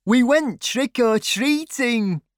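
A lively young boy in a children's storybook, eager and forthright, voiced by a woman. His voice is high and pushed forward. The sound is close and dry. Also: takes it slowly, dry recording.

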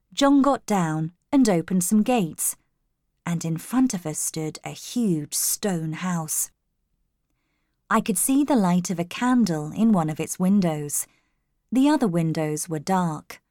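Slow, calm woman storyteller. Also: fairly low pitch, dry recording, studio quality. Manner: calm, measured first-person reading. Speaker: narrator. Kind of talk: scripted storybook narration.

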